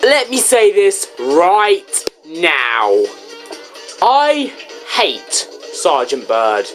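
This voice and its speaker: A woman's voice: fairly low pitch, very animated, very slow, soft background music. Sarcastic ranting woman reviewing a game. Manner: rhetorical questions and exasperated asides. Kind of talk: casual video game review.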